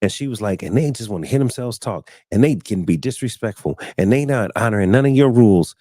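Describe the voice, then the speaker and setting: On a casual live-stream talk show, a male host tells stories and acts out what other people said, often repeating words while he gropes for his thought. His voice sits on the low side, mellow and animated, moving a little fast. The recording is clean studio sound with no echo.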